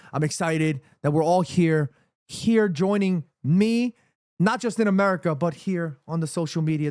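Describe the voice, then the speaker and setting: A man's voice: high-pitched, darkish tone, no echo, clean studio sound. A man streaming a football watchalong, thanking viewers by name and rallying the chat, swinging between hype and nervous murmurs. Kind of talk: live match watchalong, reading chat aloud.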